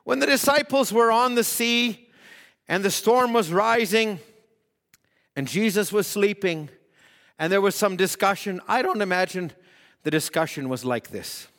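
A man preaching a sermon, swinging from loud exhortation to hushed, acted-out quotes. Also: high voice, measured pace, pauses often. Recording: long hall reverb.

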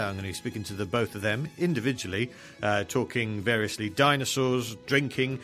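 A man's voice: mid-range voice, a little fast, fairly bright tone, soft background music. A man from the hosting a radio comedy show, chatting casually with rambling, self-deprecating asides.

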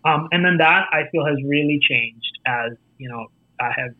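A man with an American accent tells career stories in a relaxed interview. His voice sits fairly high, and he livens up his anecdotes by acting out the voices of people he quotes. The sound is thin and tinny, like a phone call. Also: moderate pace, no room sound. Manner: animated storyteller, acts out quoted voices. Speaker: actor and festival jury guest. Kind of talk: casual interview conversation.

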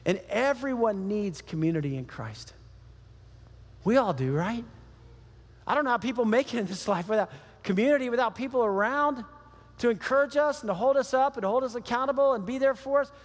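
A man's voice: very high voice, animated, fairly quick, big-room sound. A man preaching a sermon as a pastor, telling a story animatedly and acting out the voices of the people in it.

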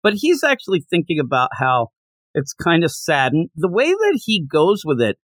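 A man with a fairly high, very lively voice recaps a manga chapter on a podcast, swinging up and down as he tells the story. He slips into quick character voices along the way. The sound is close and dry, with hardly any room around it. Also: no echo. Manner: animated, jumps into character voices while retelling. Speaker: podcast co-host.

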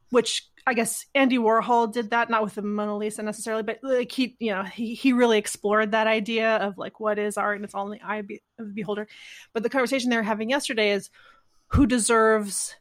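A woman co-hosting a podcast in casual conversation, talking in a rambling, reflective way and often trailing off mid-thought. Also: medium pitch. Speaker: podcast co-host.

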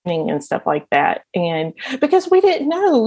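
On a podcast, a woman guest tells her story casually and ramblingly, laughing often, restarting sentences, and filling gaps with fillers. Her mid-range voice is very animated and a little mellow, with a measured pace and no echo.

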